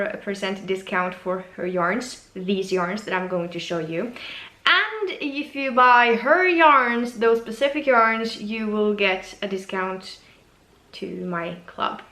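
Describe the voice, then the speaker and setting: A woman's voice: medium pitch, sharp tone. A woman, a knitwear designer hosting a casual video podcast, chatting in a gushing, enthusiastic and self-deprecating way. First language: Norwegian. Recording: echoey room.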